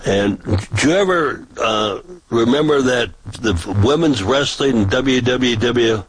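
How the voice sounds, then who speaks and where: A man who preaches on the street, telling stories from his protests in a casual, animated way. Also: a little slow, slightly rough, dry recording, poor audio. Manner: animated, pitch jumps for quoted voices. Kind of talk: casual storytelling.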